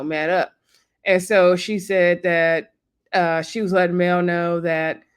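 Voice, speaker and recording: A woman, chatting casually and rambling as she recaps a reality show, acting out what the cast said. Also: on the low side. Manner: chatty and rambling, acts out quotes.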